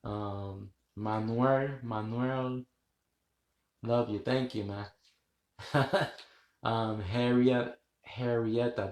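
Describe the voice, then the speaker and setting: A man's voice: medium pitch, roomy sound. A man hosting a rambling live stream, chatting with viewers, laughing often and swearing casually. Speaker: livestream host.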